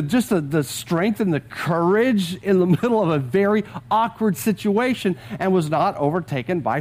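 A man's voice: high voice, a little mellow. A middle-aged man preaching a sermon to his congregation, telling a story and often repeating words and chuckling as he speaks. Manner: storytelling, with frequent word repeats; chuckles often while talking. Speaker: pastor. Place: church service with a live congregation.

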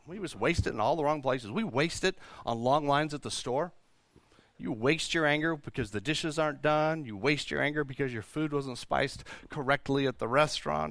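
Bright, emphatic male pastor preaching. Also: mid-range voice, no room sound. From Texas. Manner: emphatic, rhetorical questions, frequent restarts. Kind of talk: sermon. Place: church.

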